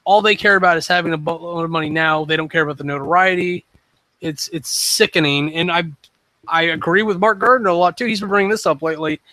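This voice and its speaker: Bright-voiced man rambling about shows. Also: on the high side, steady tone, fast, no room sound, rough recording. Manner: rambling, frequent ums and restarts, opinionated. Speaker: web show host. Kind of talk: casual solo podcast review.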